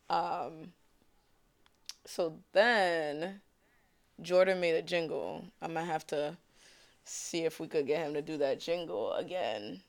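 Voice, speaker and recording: A young man with a New York accent rambles through a casual solo podcast, loose and slangy. He talks in an unhurried, drawn-out way. His voice carries a rough, gravelly fry. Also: a little high. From Brooklyn, New York. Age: young adult. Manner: laid-back, slangy and rambling. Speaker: podcast host.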